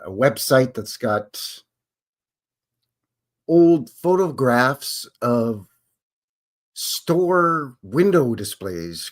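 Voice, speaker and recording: A man's voice: medium pitch, a bit bright. A Canadian man hosting a casual live stream, rambling and joking as he greets viewers by name. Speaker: livestream host.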